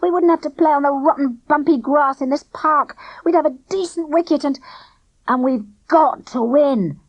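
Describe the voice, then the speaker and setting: A woman's voice: high-pitched, normal speed, dry recording, dull audio, pitched above the performer's own voice, lightly acted. A woman reading a storybook, voicing a plump, clumsy young boy who whines and pleads. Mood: eager. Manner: breathless, pleading, complaining.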